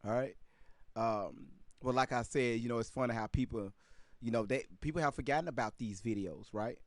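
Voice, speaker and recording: A man's voice: medium pitch, normal speed, no echo. A man hosting a casual commentary video, talking loosely and with plenty of swearing straight to his viewers. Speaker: commentary channel host.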